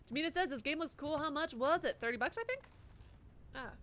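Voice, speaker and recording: A woman's voice: high voice, expressive, fairly quick, fairly bright tone. A young woman streaming a game live, chatting casually and cursing as she reads viewer messages aloud. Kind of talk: live gameplay commentary.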